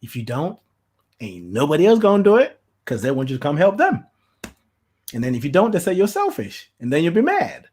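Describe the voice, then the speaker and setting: A podcast host in casual spiritual talk, heartfelt and preachy, flaring into animated rants and blessing the listener. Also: mid-range voice, a little fast, husky.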